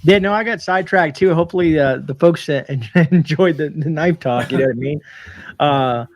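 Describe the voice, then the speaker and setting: A man's voice: on the high side, a little fast, no echo. A man hosting a casual live-stream chat, laughing easily and rambling between comments. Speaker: preparedness channel host.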